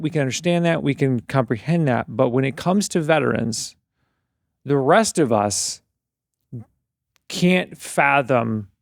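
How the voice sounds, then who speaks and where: A man's voice: medium pitch, vocal fry, no room sound, clean studio sound. A man hosting an interview, speaking in an earnest, reflective way with many fillers. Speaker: interview host. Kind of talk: conversational interview.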